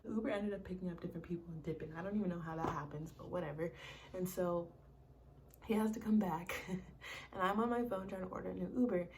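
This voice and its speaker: A young woman vlogging a casual storytime, talking in a chatty, animated way, full of "like" and swearing. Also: lowish voice, fast, slight background noise.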